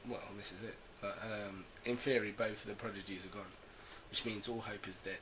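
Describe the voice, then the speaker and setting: A man co-hosting a podcast, bantering casually, defensive and quick to laugh. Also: fairly low pitch, steady tone, noisy background. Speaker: podcast co-host.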